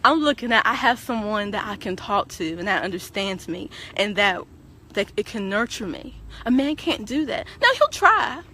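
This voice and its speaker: A woman's voice: medium pitch, lively intonation, moderate pace, a bit bright, slight background noise. A woman talking casually on a livestream, preachy and emphatic, speaking straight to her viewers and repeating words as she starts sentences. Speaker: guest on a livestream talk show. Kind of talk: casual opinionated livestream talk.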